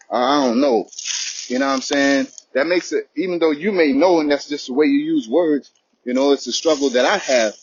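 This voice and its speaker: Male lay teacher, conversational scripture talk, muffled low-fi recording. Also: husky. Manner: conversational, repeats "you know what I'm saying". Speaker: teacher of a religious lesson. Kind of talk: informal spoken teaching.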